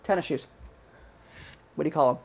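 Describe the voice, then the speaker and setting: Fast-talking chatty man on a podcast. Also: on the high side, vocal fry, lo-fi sound. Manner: chatty, jokey, laughs often. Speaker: podcast co-host. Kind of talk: casual chat.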